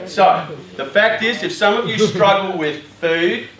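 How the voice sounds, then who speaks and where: A man's voice: high-pitched, animated, measured pace, few pauses, very noisy. A man giving an informal talk to a youth group, joking and rambling with lots of fillers and asides. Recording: roomy hall, voice far from mic.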